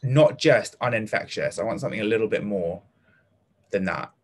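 Leading an online class for children in real time, a young British man reads out pupils' answers by name and praises them warmly, chatting with plenty of fillers. He comes across as upbeat and encouraging, with a lowish, husky voice at normal speed.

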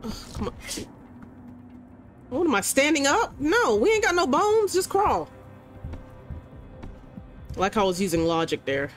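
A woman gamer doing let's-play commentary at a desk mic, excitable, yelling commands at the game and bantering in casual slang. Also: sits high, a little slow, long pauses, soft background music.

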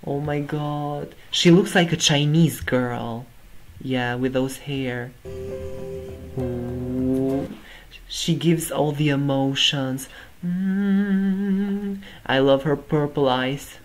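A man's voice: medium pitch, fairly even intonation, takes it slowly, low-quality recording. A man hosting a music reaction video, gushing over the performance and exclaiming over and over in amazement. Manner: effusive, keeps exclaiming "oh my god". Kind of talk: reaction commentary.

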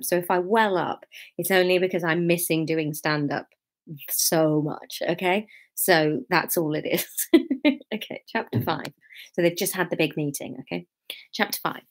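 Chatty woman on a livestream. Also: on the low side. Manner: chatty, self-mocking, greets viewers by name. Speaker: comedian reading her own book on a livestream. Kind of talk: casual livestream chat. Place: bedroom at home.

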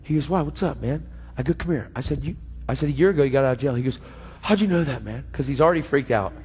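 A man preaching a sermon, telling a story in a slangy, animated way and acting out both sides of the conversation. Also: medium pitch, racing. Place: church sanctuary. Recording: church hall reverb with faint music.

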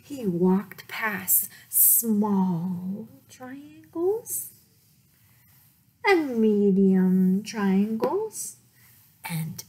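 Slow, playful woman reading aloud. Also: medium pitch, sing-song, a little mellow, husky. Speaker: children's librarian reading aloud. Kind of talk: storytime read-aloud.

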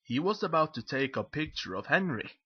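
Husky man reading a picture book. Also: a little high, a little fast, highs cut off. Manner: lively, expressive storytelling. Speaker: storybook narrator.

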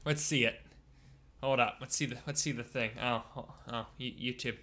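A man giving casual let's-play commentary as a gaming YouTuber, excitable and swinging from quiet mutters to loud bursts. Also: medium pitch, normal speed.

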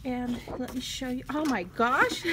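A woman's voice: high-pitched, a little slow, noisy background. A woman with a Spanish accent showing off paper craft supplies in a casual home vlog, gushing and laughing at herself, recorded on a phone. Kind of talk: casual product flip-through. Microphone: phone on a selfie stick.

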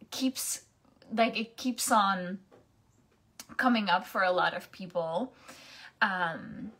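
A woman's voice: mid-range voice, sharp tone. A young adult woman coaching in a casual, chatty monologue, often restarting and asking "right?".

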